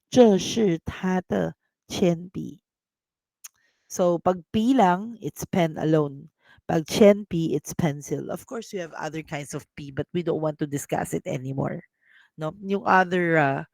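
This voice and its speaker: A woman with a Filipino accent teaching a casual language lesson, drilling words slowly and mixing English with Tagalog. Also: low-pitched, a little mellow, no room sound. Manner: clears throat often.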